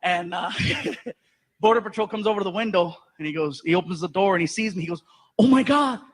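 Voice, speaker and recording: A man from Los Angeles telling an animated stand-up story live on stage, often laughing through his own punchlines. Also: sits high, fast talker. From Los Angeles, USA. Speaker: stand-up comedian. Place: comedy stage before a live audience.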